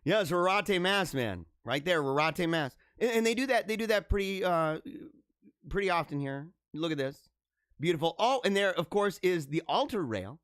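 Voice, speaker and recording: A man hosting a live show with children at school, chatting in an excitable, rambling way, often laughing and repeating himself. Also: high voice, normal speed, no room sound, clean studio sound. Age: adult with school-age children. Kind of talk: casual live-stream chat.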